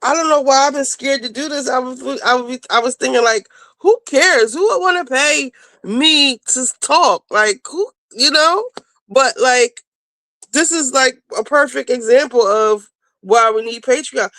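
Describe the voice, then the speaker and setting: A woman hosting a casual livestream, chatting to viewers and getting loud and teary with excitement over new supporters. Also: high voice, unhurried, no room sound. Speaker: livestream host.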